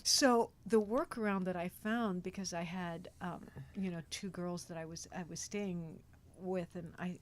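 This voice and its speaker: A woman's voice: fairly low pitch, a little slow, few pauses, slight background noise. An actress guest on a podcast, chatting casually and acting out quotes as she tells stories. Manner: animated storyteller, acts out quotes. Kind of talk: casual interview chat.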